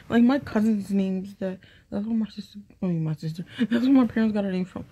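A woman's voice: fairly low pitch, fairly quick, mellow. A young woman vlogging in a playful, rambling casual monologue, with lots of "like" and sing-song bits. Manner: playful, repeats her name in sing-song; heavy use of "like".

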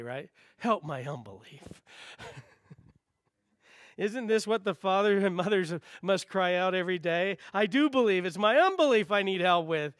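A man's voice: high voice, dry recording, clean studio sound. A man pastor preaching a sermon, earnest and repetitive for emphasis, quoting scripture and sometimes dropping to a near whisper. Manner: earnest, repeats phrases for emphasis, quotes scripture, drops to near whisper at times.

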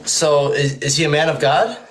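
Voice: medium pitch, moderate pace, a little hiss or hum, rough recording. A person from Michigan on a video call, asking puzzled questions in a casual chat.

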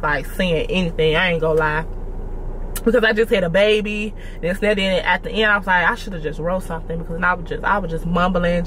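A woman's voice: medium pitch, pushed and bright, a little hiss or hum. A young woman chatting casually to her viewers, calling them y'all. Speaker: vlogger. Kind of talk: casual mukbang chat to viewers.

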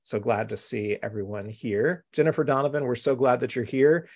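A man's voice: mid-range voice, fairly even intonation, moderate pace, darkish tone. A man hosting a live-streamed craft show from home, chatty, upbeat and welcoming. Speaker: host.

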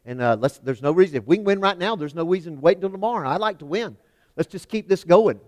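A man preaching a sermon in a church, emphatic, swinging from loud declarations to hushed lines. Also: high-pitched, expressive, quick pace. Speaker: pastor. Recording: long hall reverb.

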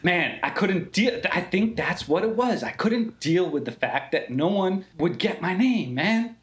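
A man from Lebanon, a guest musician telling stories in casual podcast chat, animated and swearing freely. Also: sits high, unhurried. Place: barbershop in Brooklyn.

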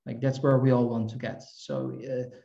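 A man from the Netherlands answering a question on a video call, measured and thoughtful, often checking with "right?". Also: medium pitch, little pitch movement, warm tone. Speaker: speaker answering audience. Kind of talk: casual online Q&A. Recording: dull echoey call audio.

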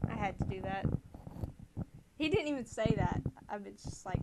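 A woman's voice: mid-range voice, moderate pace, very noisy. A woman casually commenting on a game and reading its dialogue aloud in a playful way. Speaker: let's play gamer.

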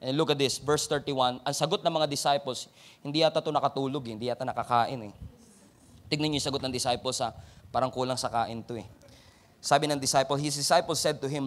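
A man's voice: mid-range voice, brisk, long pauses. A man with a Filipino accent preaching a sermon, talking conversationally and often turning to his listeners with questions and calls to action.

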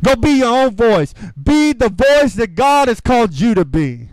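A man's voice: extremely high pitch, sing-song, a little slow, darkish tone, no echo, low-quality recording. A man preaching a sermon as pastor, repeating rhetorical questions, calling for amens, and using informal, earnest phrasing. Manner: repetitive rhetorical questions, calls for amen.

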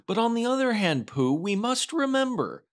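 A man reading a storybook aloud and voicing a small, timid young male pig in a raised, squeaky voice. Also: big pitch swings, normal speed. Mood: eager.

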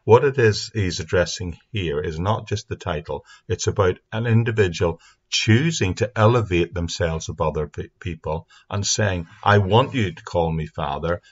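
A man teaching a Bible passage on his podcast in an earnest, steady way. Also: low-pitched, moderate pace, husky, highs cut off. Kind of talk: recorded Bible study podcast. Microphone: speaking into a mic.

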